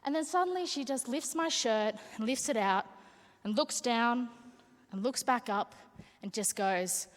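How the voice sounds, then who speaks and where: Young woman, brash and animated stand-up, slightly high voice, long hall echo. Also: measured pace. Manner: brash, animated, crowd-teasing. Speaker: stand-up comic speaker. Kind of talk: stand-up comedy.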